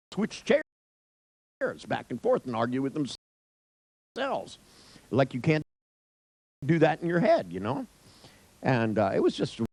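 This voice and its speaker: A man's voice: medium pitch, vocal fry, darkish tone, dry recording, rough recording. An older man telling a rambling personal anecdote in a wry, profane way, with many restarts and asides.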